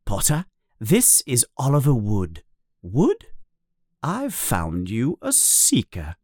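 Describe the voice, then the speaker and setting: A narrator voicing a strict older female professor who scolds and commands in a high, raised voice. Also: wildly swooping pitch, slow pace, darkish tone, dry recording, studio quality, heavily acted. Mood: brisk.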